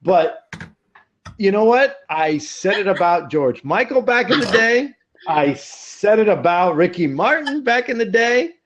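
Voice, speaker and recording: A man co-hosting a podcast in casual, joking chat, rambling and animated. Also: high-pitched, a little slow. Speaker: podcast co-host.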